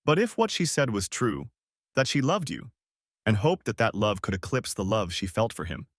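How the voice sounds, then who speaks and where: Man reading a calm pipe-smoking older friend for an audiobook, deep and measured, pitch moves a lot, dry close sound. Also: no room sound. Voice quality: deep bass. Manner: calm, measured, non-judgmental.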